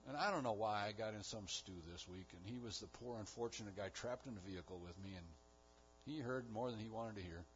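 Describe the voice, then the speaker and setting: A man's voice: on the low side, quick pace, slight background noise. A man preaching a sermon, building emphasis with repeated phrases. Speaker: pastor. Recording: dull lo-fi recording.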